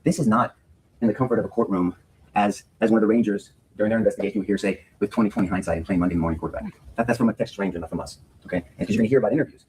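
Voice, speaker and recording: A man's voice: on the low side, rapid-fire, a little mellow, a little hiss or hum, low-quality recording. A man speaking as a defense attorney in a courtroom, giving an earnest opening statement to a jury and often repeating words as he restarts his sentences.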